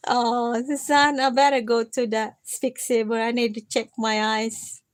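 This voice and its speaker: A tired woman chatting on a casual live stream, gently coaxing and self-mocking, often repeating her listener's name. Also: a little high, level tone, measured pace, no room sound. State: tired from lack of sleep. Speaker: livestreamer.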